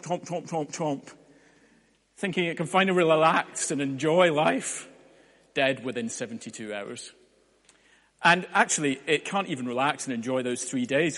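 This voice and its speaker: A man preaching a sermon, telling stories with playful asides. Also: on the high side. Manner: lively storytelling with playful asides. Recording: long hall reverb.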